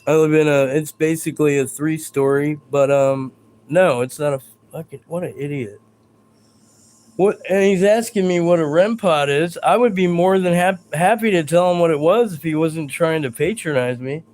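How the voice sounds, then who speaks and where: Man, live streamer, talking to chat, combative, swearing, ranting, slightly high voice. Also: moderate pace, a little mellow.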